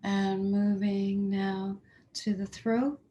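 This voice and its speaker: A woman's voice: mid-range voice, flat delivery, warm tone, dull audio. A woman leading a guided chakra healing meditation, speaking soothing affirmations for listeners to repeat. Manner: slow, soothing, affirming, leads repeat-after-me statements.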